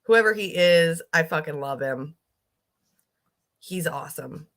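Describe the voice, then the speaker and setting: Woman, low voice, casual reaction commentary, blunt and profane. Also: animated, measured pace, a bit bright. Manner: blunt, profane, laughing asides. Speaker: reaction video host.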